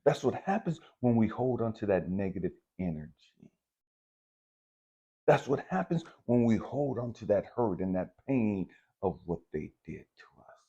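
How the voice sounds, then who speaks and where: A man's voice: lowish voice, very animated, moderate pace, dark tone, breathy edge, dull audio. A man talking candidly and confessionally to viewers, swearing freely as he works through forgiveness. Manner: candid, profane and confessional, addresses viewers directly. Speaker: spiritual vlogger. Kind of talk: casual spiritual monologue.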